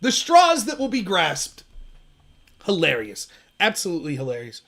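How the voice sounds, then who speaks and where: A man runs a solo political commentary livestream, his pitch swinging hugely and his voice slightly bright with vocal fry, at a moderate pace. He rants emphatically and sarcastically, mocking opponents in high, shrill voices, and reads out and answers live chat.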